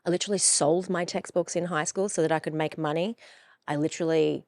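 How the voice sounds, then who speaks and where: A woman's voice: deep voice, fairly even intonation, fast, a little mellow, no room sound, clean studio sound. A woman in her forties, telling her own story in a frank, emphatic way that is full of swearing. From Australia. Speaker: coach and podcast host. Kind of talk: personal storytelling.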